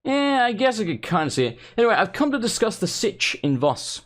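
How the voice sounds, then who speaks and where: A man's voice: high voice, a little fast. A man from England hosting a let's play, giving casual, rambling commentary full of swearing and side rants. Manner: rambling, swearing, animated asides.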